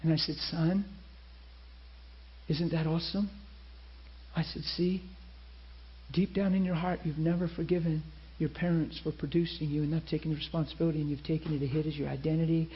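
Male preacher, sermon storytelling, fairly high voice, soft and hushed delivery, dull lo-fi audio. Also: quick pace. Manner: animated storyteller who drops to soft, hushed tones. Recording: dull lo-fi recording.

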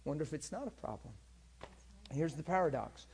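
A man's voice: on the high side, animated, brisk, darkish tone, slight background noise. A man preaching, telling a story in an earnest, conversational way and speaking straight to his listeners. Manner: earnest, conversational, direct address. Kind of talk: sermon storytelling.

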